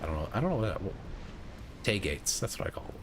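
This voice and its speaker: A man's voice: low voice, very animated, fast, noisy background. A man chatting casually with his stream audience, rambling and stop-start as he reads out the chat. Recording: faint music behind.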